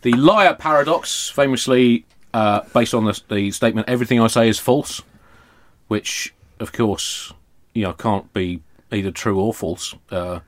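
A man's voice: fairly low pitch, unhurried. A man with an English accent hosting a comedy podcast, dry, mock-formal and digressive. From Britain.

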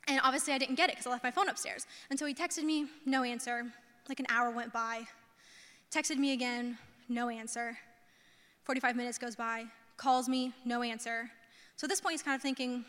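Bright high-voiced young woman pastor. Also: fairly quick, long reverb tail. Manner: chatty, filler-heavy, acts out the people in her stories. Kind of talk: storytelling sermon.

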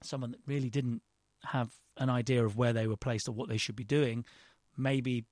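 A man's voice: mid-range voice, fairly even intonation, moderate pace, a little mellow, no echo, studio quality. A man, a guest in an interview, telling a rambling, self-deprecating story with frequent restarts. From London, England. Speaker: actor and director guest. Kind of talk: casual interview chat.

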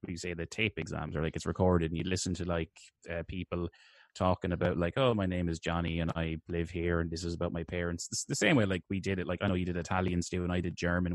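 A young Irish man with a deep, low voice talks through a topic in an easy, rambling podcast chat. He stumbles and restarts often as he explains. The sound is dry and close, with no room around it. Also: no room sound. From Ireland. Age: young adult. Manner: explanatory, many restarts and fillers. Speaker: podcast co-host. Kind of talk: casual chat.

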